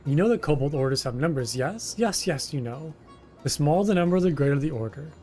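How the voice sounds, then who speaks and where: A man's voice: fairly high pitch, lively intonation, fairly quick, warm tone, soft background music. Gigu, a man putting on a whiny kobold. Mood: lamenting. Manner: repeats words in lists of synonyms, pleading. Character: whiny male kobold foreman, self-pitying.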